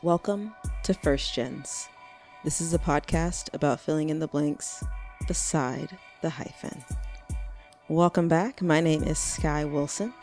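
A woman's voice: deep voice, measured pace, a little mellow, soft background music. A woman co-hosting a podcast in casual chat, playful and teasing, laughing often. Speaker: podcast co-host.

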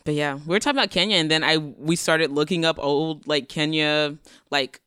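A woman's voice: deep voice, normal speed, a bit bright, clear, resonant tone, dry recording, clean studio sound. A woman co-hosting a podcast, chatting expressively and laughing often. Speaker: podcast co-host. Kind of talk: casual podcast chat.

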